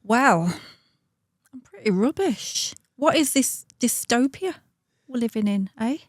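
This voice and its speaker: A woman's voice: a little high, expressive, slow pace, no echo. A woman, a guest on a podcast, chatting in a wry, self-deprecating way in a small studio. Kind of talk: casual chat.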